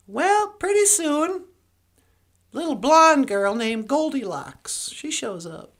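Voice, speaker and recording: A woman's voice: high voice, very animated, slow pace. A woman podcast co-host telling a fairy tale in a playful, rambling, casual way. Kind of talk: casual storytelling.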